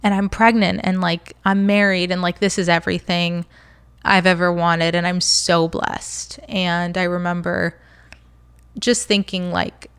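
A woman's voice: fairly low pitch, little pitch movement, a little slow, a bit bright, clean tone. A young woman telling a personal story in a candid, conversational way, full of "like"s and at times fighting back tears. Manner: conversational, lots of fillers and "like". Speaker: vlogger sharing a personal story.

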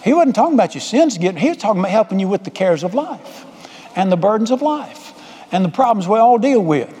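A pastor preaches in a folksy, conversational manner, circling back to repeat his phrases. His voice sits high for a man but has a soft, mellow color. The sound carries a long reverb from the church hall. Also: big pitch swings, fast talker, husky. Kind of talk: sermon.

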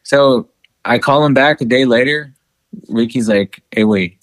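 A man's voice: medium pitch, measured pace, no room sound. A man, a musician, telling a story in casual chat, swearing freely and acting out dialogue. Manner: profane, animated, acts out dialogue. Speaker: podcast co-host and musician.

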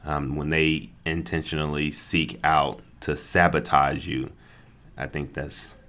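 A man co-hosting a casual podcast chat, laid-back and quick to laugh, affirming his partner often. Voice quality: very deep, relaxed voice. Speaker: podcast co-host.

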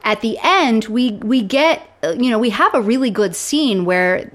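A woman's voice: fairly high pitch, normal speed. A woman co-hosting a podcast, chatting casually about sitcoms and acting out quoted lines with energy. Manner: animated, acts out quoted lines. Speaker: podcast co-host.

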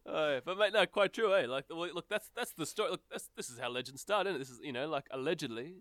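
Brief: man, bright forceful voice, dry close sound, jokey guest. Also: a little high, lively intonation, fast, no room sound. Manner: jokey, laughs often, slangy. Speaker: podcast guest. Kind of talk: casual podcast chat.

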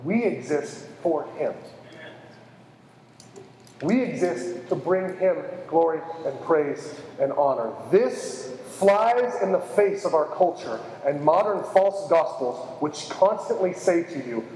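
A high-voiced man delivering a sermon with earnest emphasis, returning to his key phrases again and again. His voice carries a long reverb, and the room around him sounds big and echoing. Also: lively intonation, slow pace, darkish tone. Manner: earnest, emphatic repetition, self-deprecating asides. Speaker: preacher. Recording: reverberant hall.

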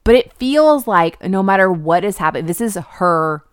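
A woman's voice: medium pitch, normal speed, clean tone, dry recording, clean studio sound. A woman in casual chat, retelling a film scene by scene with lots of fillers. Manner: chatty, animated retelling with acted quotes and laughs. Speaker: podcast co-host discussing a film.

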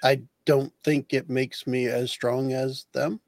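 A man chats as a player in a tabletop role-playing game, weighing plans in a careful, somewhat hesitant way. His voice has a gravelly fry, and it sounds close and dry. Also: mid-range voice, flat delivery, slow, darkish tone, no room sound. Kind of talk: casual chat in a tabletop game.

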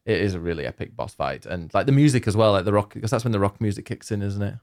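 A man's voice: lowish voice, fast talker, a little mellow. A man co-hosting a casual podcast chat, teasing his partner and reading out award nominees. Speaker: podcast co-host.

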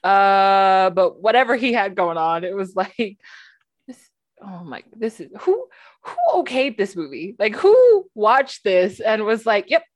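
A woman's voice: medium pitch, very animated, a little slow, dry recording. A woman co-hosting a podcast, chatting casually with many fillers and laughs. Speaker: podcast co-host. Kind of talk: casual chat.

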